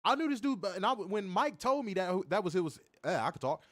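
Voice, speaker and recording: A young man co-hosting a wrestling review livestream, reading chat comments and trash-talking in a profane, animated way. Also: high voice, fast, dry recording, studio quality. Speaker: wrestling podcast co-host.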